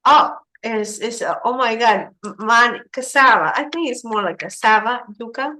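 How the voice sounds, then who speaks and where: A woman teaching an English lesson, slowly explaining words with glosses. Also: a little high, pushed and bright. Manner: slow, patient, explaining vocabulary with Spanish glosses.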